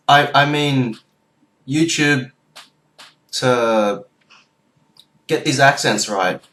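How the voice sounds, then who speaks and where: A young Australian man explaining accents in a casual, earnest video talk. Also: on the high side. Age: young adult. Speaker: YouTuber and tutor. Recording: echoey room.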